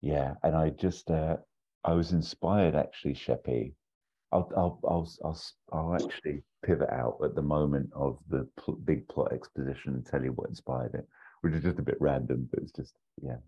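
A man with an extremely deep, dark and husky voice. He chats casually, rambling and restarting his sentences. The recording is dull and lo-fi. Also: normal speed. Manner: rambling, hesitant, many restarts and fillers. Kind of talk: casual chat, pitching a story idea.

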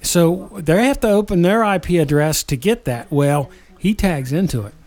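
Man, older, high voice, podcast host, casual chat, storytelling. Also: lively intonation, moderate pace, a little mellow. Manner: storytelling, acts out phone calls.

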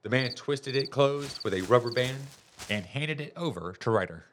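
A man reading a children's chapter book aloud in a lively, expressive storytelling manner. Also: medium pitch, moderate pace, background noise. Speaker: storybook reader. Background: music.

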